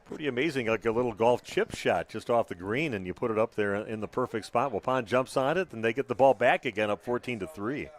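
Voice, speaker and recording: A man calling a high school football game live on radio as the play-by-play announcer, talking loosely with frequent "uh" fillers. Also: a little fast, hardly any pauses.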